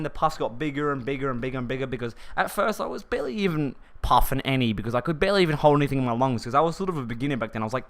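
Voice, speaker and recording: A man's voice: a little high, fairly bright tone. A man telling a personal story for his vlog in a rambling, slangy way, restarting his sentences often.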